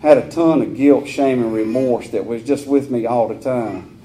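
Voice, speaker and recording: A man tells his own recovery story at a meeting, speaking in a candid, earthy way. His mellow voice sits at an ordinary pitch. A faint background noise runs under the speech. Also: normal speed. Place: meeting hall.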